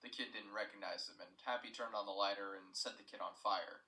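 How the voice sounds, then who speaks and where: A man's voice: fairly low pitch, fairly even intonation, a little fast, sharp tone, reverberant, distant mic, rough recording. A young man retelling a story in scripted narration, plain and matter-of-fact with asides.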